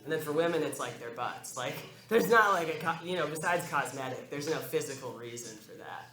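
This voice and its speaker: A man's voice: fairly high pitch, a little fast, crowd noise. A young man doing stand-up at an open mic, rambling with lots of ums and chuckling at his own jokes. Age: young adult. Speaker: stand-up comedian. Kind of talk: stand-up comedy. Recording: echoey room with music behind.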